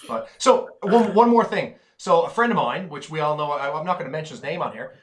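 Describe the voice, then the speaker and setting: A man rants fast and loud in casual podcast talk. He swears constantly, and his voice sits a bit high as the words tumble out. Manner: profane, ranting, heavy swearing. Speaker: podcast co-host. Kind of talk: heated casual chat.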